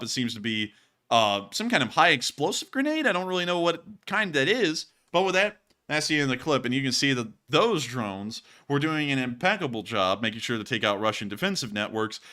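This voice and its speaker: A man hosting casual commentary on war footage, joking and excitable and quick to laugh. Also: medium pitch. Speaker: host.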